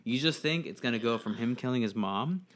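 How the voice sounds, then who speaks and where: A man's voice: mid-range voice, animated, fairly quick, a bit bright. A man co-hosting a podcast, telling the story loosely with plenty of swearing and jokes. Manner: loose, profane, jokey storytelling. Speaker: podcast co-host. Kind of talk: casual chat.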